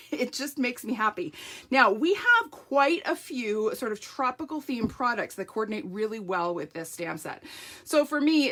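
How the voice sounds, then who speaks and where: A woman's voice: on the high side, pushed and bright. A woman hosting a casual live stamping craft demo, chatty and upbeat, greeting viewers by name. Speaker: stamping craft demonstrator, host.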